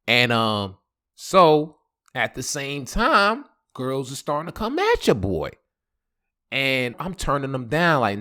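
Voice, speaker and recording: A man's voice: mid-range voice, unhurried. A man hosting a podcast. He tells a story casually, using a lot of slang and fillers and acting out quotes in different voices. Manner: animated, acts out quotes in voices; relaxed slang with many fillers. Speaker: podcast host.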